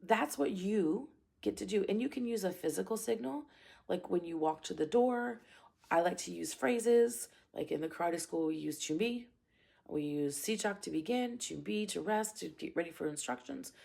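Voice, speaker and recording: Husky, gravelly karate instructor woman. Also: fairly low pitch, moderate pace. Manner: calm, direct and emphatic, with repeated phrases. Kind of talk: parenting advice talk.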